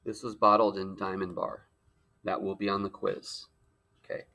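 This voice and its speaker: A man's voice: sits low, flat delivery, moderate pace, vocal fry, pushed and bright. A male teacher giving a playful lecture with frequent joking asides. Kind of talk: jokey classroom lecture.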